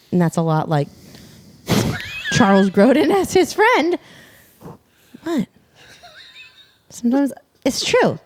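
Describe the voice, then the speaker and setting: A woman's voice: sits high, huge pitch swings, takes it slowly, long pauses. A woman co-hosting a podcast, chatting playfully about a film and jumping in with quotes and tangents. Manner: playful, jumps in with side remarks and quotes. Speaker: podcast co-host. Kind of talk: casual movie chat.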